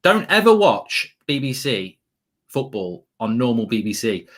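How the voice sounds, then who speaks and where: A man with a mid-range, fairly bright voice and big pitch swings hosts a casual football watchalong at a measured pace. Chatty and jokey, he rambles and reads out live chat comments.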